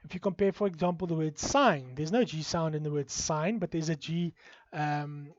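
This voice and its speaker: A man's voice: a little high, normal speed, dry recording, highs cut off. A man with an Afrikaans accent from South Africa, giving a recorded university lecture, hesitant and full of fillers.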